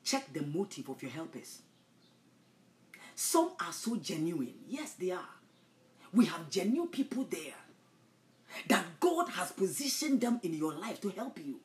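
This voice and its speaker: A woman preaching a sermon, dropping to hushed whispers and rising to loud, impassioned shouts. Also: fairly low pitch, very animated, a little slow, long pauses. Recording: echoey room.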